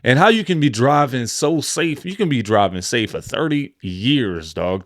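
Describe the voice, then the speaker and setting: A man's voice: medium pitch, very animated, normal speed, hardly any pauses, no echo, clean studio sound. A man co-hosting a podcast, ranting in emphatic, slangy casual chat. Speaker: podcast co-host.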